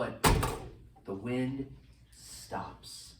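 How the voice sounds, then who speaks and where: A man preaching a sermon as pastor, animated, swinging between loud bursts and hushed lines. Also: on the high side, takes it slowly, long pauses, reverberant, distant mic, noisy background. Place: church sanctuary.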